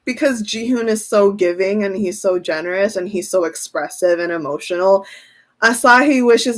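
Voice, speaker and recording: Giggly woman doing a chill tarot reading stream, chatty, thinks out loud, replies to chat. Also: mid-range voice. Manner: answers viewer comments. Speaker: tarot reader. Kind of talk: casual tarot reading livestream.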